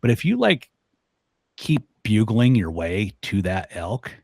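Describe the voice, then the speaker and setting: A man from northern Idaho with a low, husky voice, spinning an animated hunting-trip story on a podcast. He laughs often, and the sound is close and dry. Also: takes it slowly, no echo. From northern Idaho, USA. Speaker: guest elk-hunting expert.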